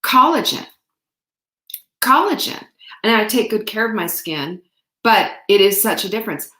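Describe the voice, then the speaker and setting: A woman's voice: medium pitch, fairly quick. Woman, 60s, nutritionist host, chatty and teasing, tone middling, roomy echo. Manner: chatty, upbeat, teasing the viewers. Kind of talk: live Q&A to online viewers. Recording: echoey room.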